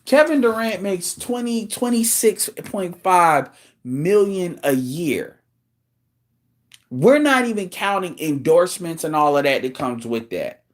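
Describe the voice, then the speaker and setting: A man's voice: high voice, expressive, measured pace. A man ranting on his own show, blunt and profane, with a voice that swings widely up and down. He keeps circling back in disbelief, talking straight at the listener in a loose, casual way. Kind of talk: casual rant commentary.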